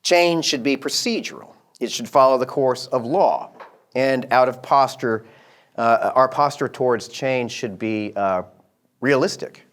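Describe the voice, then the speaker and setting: A man giving a conference lecture in a measured, deliberate way, pausing with fillers. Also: medium pitch.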